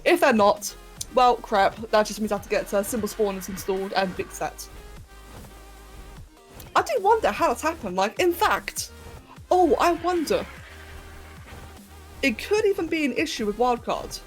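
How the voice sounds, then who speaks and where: Young British woman, game streamer, casual and giggly, slightly high voice, faint music underneath. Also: lively intonation, moderate pace, long pauses. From Britain. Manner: chatty, giggly, talks to chat. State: sore throat. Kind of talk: casual live-stream chat while gaming.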